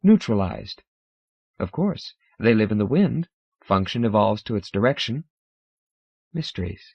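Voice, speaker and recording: A man narrating an audiobook in a measured, dramatic manner. His voice is mid-pitched. The recording is dry and slightly muffled. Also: no room sound.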